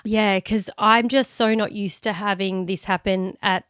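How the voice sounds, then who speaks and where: A woman in her thirties talks candidly and emotionally as a podcast co-host, swearing freely as she goes. Her voice is smooth and clear. She is recorded close on a dry studio mic. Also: mid-range voice, fairly even intonation, unhurried, a bit bright, dry recording. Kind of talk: casual chat.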